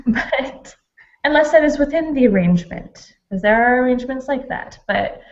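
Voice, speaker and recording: A woman's voice: high voice, lively intonation, normal speed. A young woman chatting casually in a book club discussion, talkative and laughing often. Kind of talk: casual chat. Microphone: video call. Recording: dull lo-fi sound.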